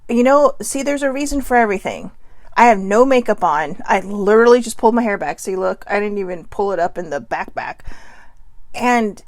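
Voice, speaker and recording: A woman's voice: medium pitch, animated, a little fast, dry recording. Chatty woman with a scratchy throat. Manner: chatty and rambling, swears freely, many "you know" fillers. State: scratchy throat, keeps clearing it. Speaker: vlogger hosting a daily live video. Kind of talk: casual live-stream pep talk.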